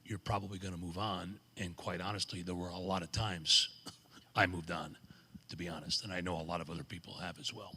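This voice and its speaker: A man's voice: low voice, flat delivery, fairly quick, bright, forceful tone, slightly rough. A man moderating a panel, polite and direct.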